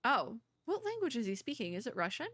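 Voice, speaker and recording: A woman chatting through a story game for her channel, reading the text and tossing in quick asides. Her voice is bright and forward, recorded close with a dry, roomless sound. She keeps a casual, talkative tone. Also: fairly high pitch, very animated, no echo. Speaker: gaming content creator. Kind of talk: casual let's-play commentary.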